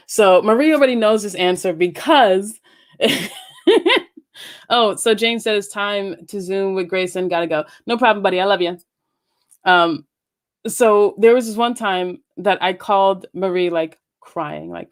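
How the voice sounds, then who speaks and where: A woman hosting her own podcast, chatting casually and playfully, laughing often and swearing freely. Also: mid-range voice. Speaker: podcast host. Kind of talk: casual solo podcast chat.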